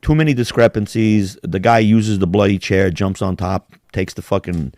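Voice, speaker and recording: A man co-hosting a casual podcast, talking loosely and profanely. His voice sits low. The sound is dry and close. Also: steady tone, normal speed, darkish tone, no echo. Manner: profane, rambling, does mocking impressions. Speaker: podcast co-host. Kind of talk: casual chat.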